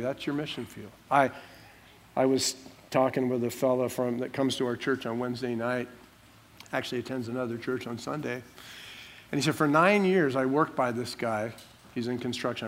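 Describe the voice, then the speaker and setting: A man preaching a sermon, working through a Bible passage verse by verse and repeating phrases for stress, in a church sanctuary. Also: mid-range voice. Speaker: pastor.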